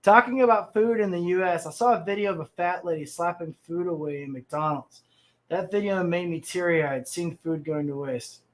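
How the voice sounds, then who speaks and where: A thirty-something man hosts a livestream, reading the chat and ranting about the news in a rambling, profane way. His voice sits high and he talks at a normal speed.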